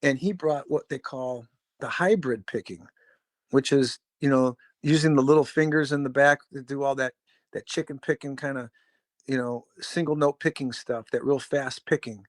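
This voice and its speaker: A man's voice: medium pitch, fairly even intonation, normal speed, no room sound, studio quality. A man from Chicago, a musician guest on a podcast, telling stories in a rambling, casual way, swearing freely and acting out what others said. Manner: rambling, swears freely, acts out quoted voices. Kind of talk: casual storytelling interview.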